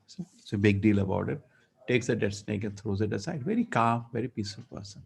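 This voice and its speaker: A man teaching a scripture class, telling the story lively and acting out the dialogue. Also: on the low side, fairly quick, gravelly, slightly rough. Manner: storytelling, acts out dialogue, asides. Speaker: spiritual teacher.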